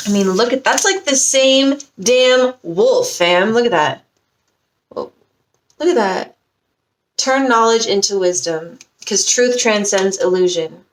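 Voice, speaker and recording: Woman tarot reader, casual, slangy and profane, warmly gushing at her audience. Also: medium pitch, lively intonation, slow, slight background noise. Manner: slangy, profane and gushing, talks straight to viewers. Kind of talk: casual pick-a-card tarot reading.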